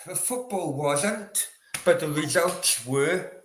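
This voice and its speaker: A man chats casually and rambles with his viewers during a live stream. His voice sits a bit high and his pace is slow. The room around him is roomy and echoey. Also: lively intonation, a bit bright, a little hiss or hum. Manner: chatty, rambling, banters with viewers. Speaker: host. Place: room in Australia.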